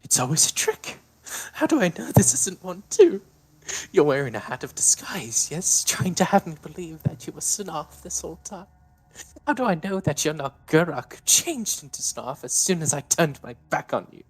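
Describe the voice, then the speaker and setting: A man's voice: on the high side, animated, unhurried, long pauses, slightly rough, pitched above the performer's own voice, exaggerated voice. A man voicing a distraught, guilt-stricken mother on the edge of a breakdown, talking frantically. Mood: frantic.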